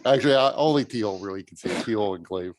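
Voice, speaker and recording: A man's voice: fairly low pitch, expressive, fast, no room sound. A man narrating a tabletop game as game master, easygoing and chuckling between rulings.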